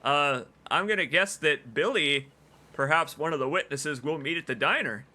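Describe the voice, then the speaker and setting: High, bright-voiced excitable streamer man. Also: normal speed. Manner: excitable, emotional, laughs and gushes. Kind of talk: let's play commentary.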